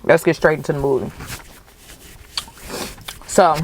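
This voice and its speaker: Podcast host, young woman, low voice, passionate casual movie reaction. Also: a little slow, slight background noise. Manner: animated, emotional, profane, slangy.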